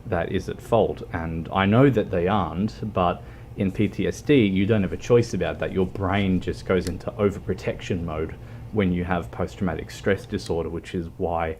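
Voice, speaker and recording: Man, low pitch, casual livestream chat, halting rambling delivery, faint room noise. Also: a little mellow.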